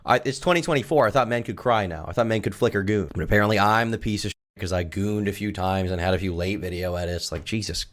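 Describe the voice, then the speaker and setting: A man streaming live, delivering a melodramatic, self-pitying mock-serious rant in a deadpan tone. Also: fairly low pitch, fast, hardly any pauses.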